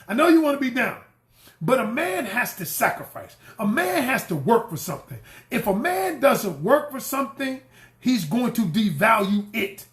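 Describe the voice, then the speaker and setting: A man's voice: extremely high pitch, sing-song, moderate pace, a bit bright, echoey room. A middle-aged man, coaching women on dating in an emphatic style, repeating key lines and acting out the people he quotes. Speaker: relationship coach. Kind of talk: animated coaching talk to camera.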